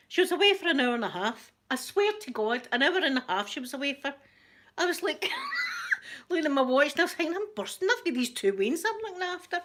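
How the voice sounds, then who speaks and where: A middle-aged Scottish woman, hosting a live chat, telling a story in a chatty, animated way. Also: on the high side. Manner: chatty, animated retelling with laughter. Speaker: livestream host.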